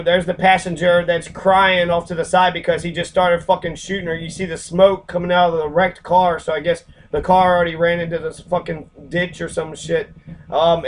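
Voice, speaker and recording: Brief: man from Kentucky, angry civics vlogger, swears a lot, voice on the high side. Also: slight background noise, low-quality recording. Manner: profane, ranting, many fillers. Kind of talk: angry casual commentary.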